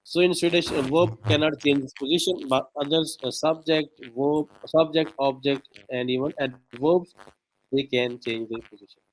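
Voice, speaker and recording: A man's voice: on the high side, steady tone, normal speed, a little hiss or hum, poor audio. Hesitant man teaching a language lesson. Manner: hesitant, many "uh" and "you know". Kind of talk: one-on-one online lesson.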